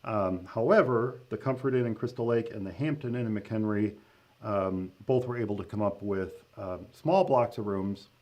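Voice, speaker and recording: A man's voice: lowish voice, normal speed, darkish tone. A man hosting a casual live-stream update as the event organizer, talking loosely with many fillers, restarts and laughing asides.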